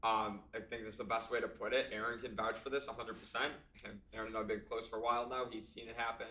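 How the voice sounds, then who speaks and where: Bright-voiced young man in echoey room. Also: fairly low pitch, flat delivery, fast talker, distant mic, slight background noise. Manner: chatty, many ums and likes, jokey. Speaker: podcast co-host. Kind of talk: casual chat. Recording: echoey room, voice a bit off-mic.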